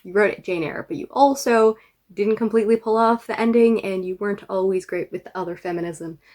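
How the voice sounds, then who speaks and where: A woman's voice: medium pitch, brisk, a little mellow. A young woman chatting to camera about her reading list, chatty and wry, with playful asides and the odd whispered word. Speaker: book vlogger. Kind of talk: casual book talk to camera.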